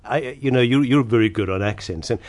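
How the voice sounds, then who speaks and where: A man's voice: mid-range voice, fairly quick, a little mellow. A man hosts an interview, asking friendly questions in an easy conversational way. He keeps affirming his guest as he talks. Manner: conversational, encouraging, many affirmations. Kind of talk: radio interview.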